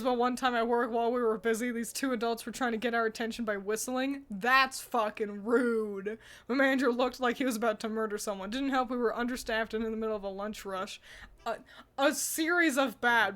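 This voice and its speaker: A woman's voice: high voice, fairly bright tone. A woman streamer chatting casually, ranting bluntly with profanity and frequent laughter. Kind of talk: casual livestream chat.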